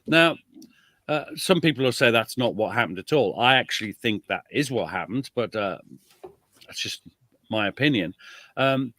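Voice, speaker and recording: A British man, a guest author and historian, telling history in a lively conversational way with self-deprecating asides. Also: medium pitch, moderate pace, dry recording. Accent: British English. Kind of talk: animated conversational storytelling.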